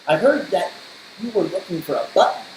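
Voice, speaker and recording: Woman voicing a quick, helpful raccoon. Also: fairly low pitch, expressive, a little mellow, natural voice. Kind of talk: storybook read-aloud. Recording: roomy echo, faint hiss.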